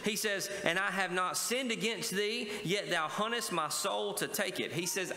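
Here the pastor speaks at a moderate pace in a sharp, high voice, barely pausing as he preaches. He keeps inviting call-and-response from the congregation, and the sanctuary's echoey hall leaves a faint ambience on the recording.

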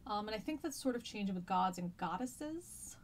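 A woman teaches history in a loose, chatty live stream, rambling through fillers and restarts. Her voice sits at an ordinary middle pitch. A faint hiss runs behind her. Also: expressive, normal speed. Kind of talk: casual live-stream lesson chat.

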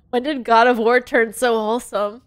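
A woman livestreamer is crying and laughing at once, gushing and breathless with emotion. Her voice sits a little high. She speaks slowly. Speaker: game streamer. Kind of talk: livestream commentary.

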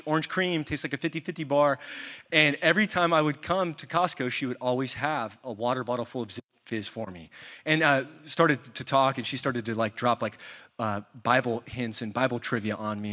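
A young adult man preaching a sermon as a pastor, telling lively stories and asking the audience questions. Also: mid-range voice, big-room sound. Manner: storytelling, animated, asks the audience questions.

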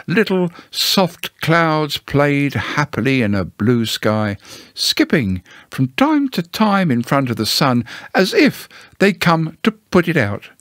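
Slow, gentle male storybook reader. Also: dry recording, clean studio sound. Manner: gentle, unhurried storytelling with lively pitch. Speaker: narrator. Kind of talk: storybook reading aloud.

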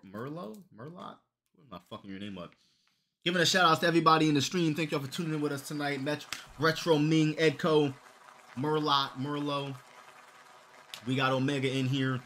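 A young man chatting on a live stream, his voice bright and forceful at a middle pitch. He talks loosely and jokes, with plenty of swearing. Now and then he bursts into loud, high-pitched outbursts. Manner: profane, loose and joking. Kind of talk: casual live-stream chat.

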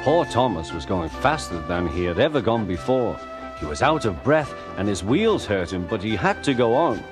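Lively low-voiced male storyteller. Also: normal speed, over music. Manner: gentle, expressive storytelling. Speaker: narrator. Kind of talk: children's storybook narration.

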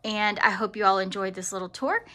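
A woman giving a casual tour of her home in a vlog, talking gently with many ums and pauses. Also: mid-range voice, a little hiss or hum. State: emotional. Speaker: vlogger. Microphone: handheld camera walked around.

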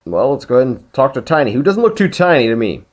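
A man's voice: medium pitch, very animated, fast talker. Guy doing a chill let's play, cracking jokes and reading the game text out. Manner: joking, reads game text aloud. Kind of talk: casual video game commentary.

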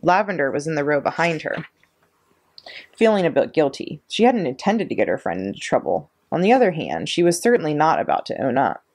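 Low-voiced woman reading a story. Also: fairly quick. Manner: expressive, steady storytelling. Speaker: children's librarian. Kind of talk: storybook read-aloud.

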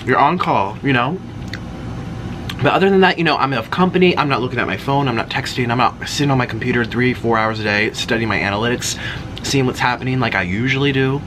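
A man's voice: medium pitch, quick pace, noisy background. A man talking casually to camera in an eating vlog, chatty and getting worked up as he talks. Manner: animated, chatty, heated about an online dispute. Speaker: mukbang vlogger.

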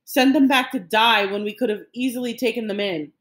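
A woman's voice: medium pitch, normal speed, reverberant, lightly acted. Woman reading as a guilt-haunted old grandfather. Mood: anguished. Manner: earnest, pleading, grief-stricken.

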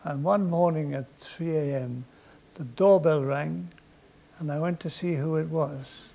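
A man's voice: a little high, a little slow, creaky, warm tone. An older man, a comedian, telling comic stories on stage with a dry, drawling delivery. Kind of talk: anecdotal storytelling on stage. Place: stage before a live audience.

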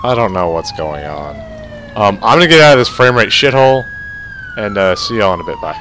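Excitable young gamer guy, swearing. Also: fairly low pitch, a little fast. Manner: excitable, swears a lot, tired. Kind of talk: let's play commentary. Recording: game noise over voice. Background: loud game sirens and traffic.

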